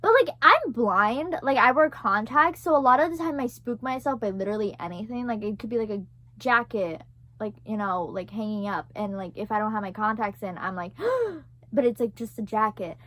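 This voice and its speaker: A young woman vlogger tells her viewers a story in a loose, rambling style, her voice fairly high, brisk and sharp. She crams in plenty of "like" and "right?" and drops the occasional casual swear as she speaks to camera.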